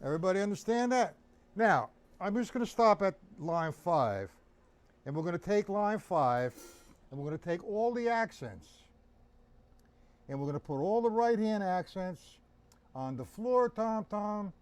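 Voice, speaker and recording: A man's voice: high-pitched, big pitch swings, a little slow, smooth. A man giving a drum lesson on a live stream, counting beats aloud and asking viewers by name whether they follow. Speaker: drum teacher. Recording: loud drumming behind the voice.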